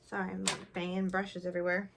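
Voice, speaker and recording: Heavy background noise surrounds this young woman's low, monotone voice, which comes out fast with vocal fry. A beauty vlogger, she chats casually and self-deprecatingly while applying makeup in an easygoing tutorial.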